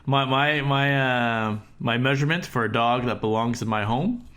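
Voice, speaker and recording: A man's voice: medium pitch, moderate pace, fairly bright tone. A man co-hosting a casual podcast, teasing and heckling the others with playful swearing. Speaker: podcast co-host.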